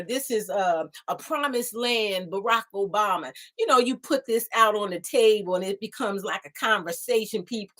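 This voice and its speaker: A sassy, folksy gal-pal design assistant, as a woman puts her on with a high, bright voice. She talks in a bubbly, teasing way, sprinkling slang and y'all everywhere. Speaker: show's alter ego design assistant. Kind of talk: chatty talk-show segment in character.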